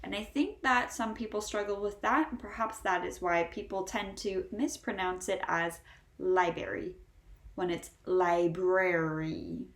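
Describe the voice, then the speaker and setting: American woman, english pronunciation teacher, slow drawn-out example words, middle pitch, roomy echo. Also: fairly bright tone. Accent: General American. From United States. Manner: slow, drawn-out model words between brisk explanations. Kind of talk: pronunciation lesson.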